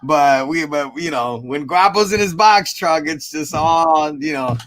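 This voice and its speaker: A man's voice: fairly high pitch, measured pace, a bit bright. A man chatting casually on a live stream, telling rambling stories with restarts and repeats. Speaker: storage auction buyer and show regular.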